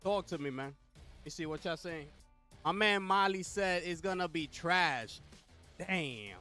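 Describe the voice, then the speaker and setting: A man's voice: fairly high pitch, expressive, unhurried, pushed and bright, faint music behind. A young man hosting a casual live co-stream, hyped and calling out to his chat with repeated slang. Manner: hyped, talks straight to chat with repeated slang call-outs. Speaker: livestream host.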